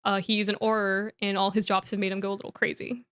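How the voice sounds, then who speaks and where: A woman's voice: mid-range voice, level tone, quick pace, fairly bright tone, clear, resonant tone. A young adult woman co-hosting a podcast, chatting casually through a comedic book recap with lots of "like" and restarts. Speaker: podcast co-host.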